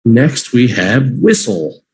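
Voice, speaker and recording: A man teaching English vocabulary on a livestream, repeating each word slowly for learners to say with him. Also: medium pitch, big pitch swings, darkish tone, a little hiss or hum. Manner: slow, drawn-out repetition for learners.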